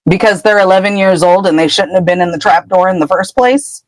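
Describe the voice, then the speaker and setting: A woman podcast co-host casually retelling a book chapter, an animated storyteller who laughs often. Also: fairly low pitch, a little fast, no echo, rough recording.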